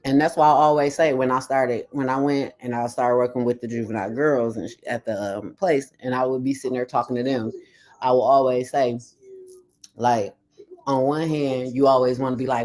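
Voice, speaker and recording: This woman's voice is extremely low and moves at a moderate pace. Chatting casually, she recounts her own experience with blunt, heavily profane storytelling, animatedly performing the quoted lines.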